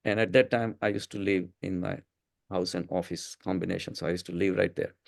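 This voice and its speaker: A man's voice: low voice, steady tone, fairly quick, vocal fry, dry recording, studio quality. An older man with an Indian English accent, a physician giving a casual spiritual talk, telling anecdotes with chuckles and restarts.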